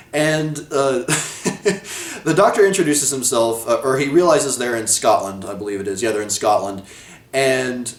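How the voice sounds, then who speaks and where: A man giving a casual video review of a TV episode, rambling, correcting himself and laughing often. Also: mid-range voice. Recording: echoey room.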